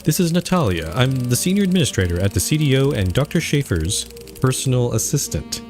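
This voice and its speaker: A man's voice: mid-range voice, sing-song, fairly quick, darkish tone, soft background music, voice pushed up, natural voice. A man reading aloud the lines of a polite, evasive woman who is a senior dental office administrator, as game dialogue.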